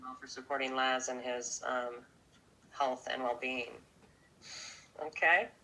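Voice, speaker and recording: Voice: medium pitch, steady tone, takes it slowly, sharp tone, a little hiss or hum, poor audio. A teacher giving informal instructions to an online class and prodding students to answer.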